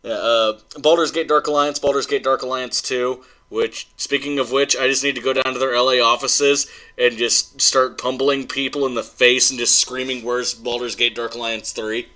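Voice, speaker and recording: A man's voice: mid-range voice, fairly even intonation, moderate pace, pushed and bright. Upbeat joking male podcast host. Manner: upbeat, jokey, steers the segment. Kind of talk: casual chat.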